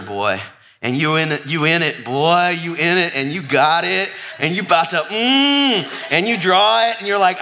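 A male pastor with a fairly high voice preaches a spirited sermon to a church congregation. He moves between nearly whispered, repetitive lists and loud appeals directed at the audience.

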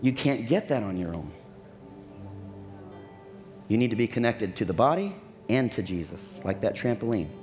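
A man preaching a sermon as pastor, telling stories and acting out what people said, with lively asides. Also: fairly low pitch, moderate pace, pauses often, soft background music. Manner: storytelling with acted-out quotes and lively asides.

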